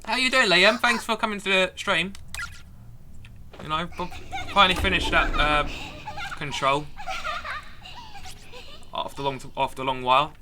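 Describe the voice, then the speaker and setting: Streaming a horror game over its music, a woman gives chatty, sarcastic let's-play commentary. Her voice is fairly low, her pace measured, and she pauses often against a noisy background.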